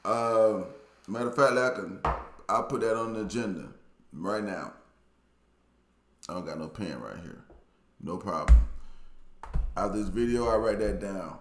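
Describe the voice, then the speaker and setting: A man's voice: fairly low pitch, unhurried, pauses often, background noise. A man with a Southern US accent casually reading out and answering viewer comments, in a laid-back, plainspoken way that often repeats itself. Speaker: YouTube commentator. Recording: echoey room.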